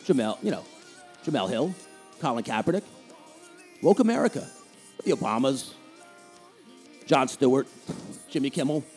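Medium-pitched and a little mellow, his sing-song voice moves at a moderate pace with long pauses as music plays faintly behind. Hailing from New Jersey and carrying its accent, this solo podcast host rants about the news in an opinionated, sarcastic, heated and mocking way.

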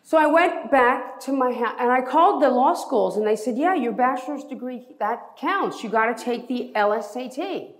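A woman lawyer telling a lively personal story in an interview, acting out quotes in a casual, swearing manner. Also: a little high, normal speed, hardly any pauses. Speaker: entertainment lawyer.

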